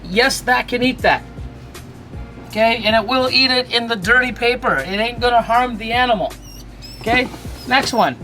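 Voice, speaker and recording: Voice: mid-range voice, moderate pace, pauses often, pushed and bright, faint music behind. A ball python breeder giving a casual hands-on feeding demonstration, chatty and reassuring, with mock-panicked asides, indoors beside snake enclosures.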